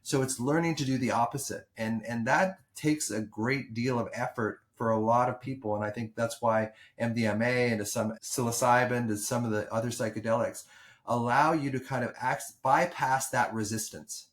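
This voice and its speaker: A man's voice: mid-range voice, fairly even intonation, normal speed. Thoughtful man hosting a podcast. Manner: explanatory, thoughtful, with restarts. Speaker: podcast host, doctor. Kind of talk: podcast conversation.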